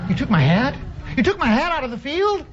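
An actor playing a nervous, evasive husband who stammers and hesitates, in a radio drama. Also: male voice, extremely high pitch, big pitch swings, a little fast. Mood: flustered. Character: nervous evasive male time traveler, husband. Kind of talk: 1940s radio acting. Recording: dull lo-fi radio recording, faint hiss.

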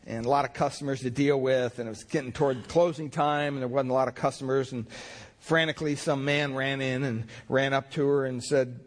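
A man's voice: medium pitch, steady tone, a little fast. A male pastor preaching a sermon in a conversational, folksy manner, telling stories with fillers.

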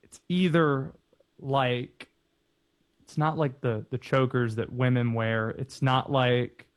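A man hosting a sports talk radio show, casual and playful, quick to joke with guests. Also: medium pitch, fairly even intonation.

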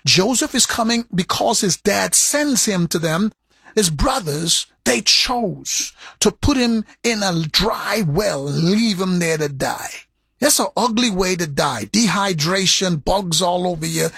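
Gravelly, lively high-pitched preacher man. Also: unhurried, dry recording. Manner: animated preaching with sharp swings in pitch and pace; repeats words for emphasis. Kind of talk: sermon.

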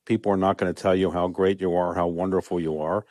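Low-voiced older man in a dry interview. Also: level tone, fast talker, darkish tone, no echo. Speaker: interview guest, team owner. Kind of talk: radio interview.

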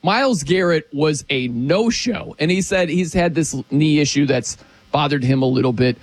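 Animated high-voiced man talking sports. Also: moderate pace. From United States. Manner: animated, jokey, swoops his pitch around. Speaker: sports talk host. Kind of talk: casual sports talk.

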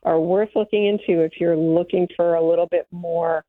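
A woman's voice: fairly low pitch, fairly even intonation, moderate pace, dry recording. A woman speaking as a guest expert in a casual interview, chatty, often trailing off and restarting. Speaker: supplement company guest expert. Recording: tinny phone-like line.

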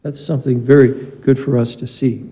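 A male priest delivers a conversational homily full of stories after reading the Gospel, speaking in a church or chapel. His delivery is flat and fairly quick, his medium-pitched voice mellow, and the recording rough.

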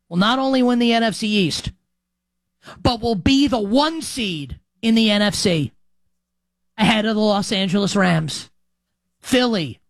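A man's voice: high voice, a bit bright, no echo. A man in his thirties hosting a sports radio show, delivering a brash, emphatic monologue with jokey asides.

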